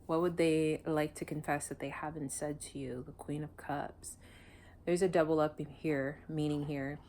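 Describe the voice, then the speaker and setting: A woman's voice: low voice, darkish tone, a little hiss or hum. A woman doing a casual tarot reading, blunt and emotional, swearing freely. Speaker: tarot reader.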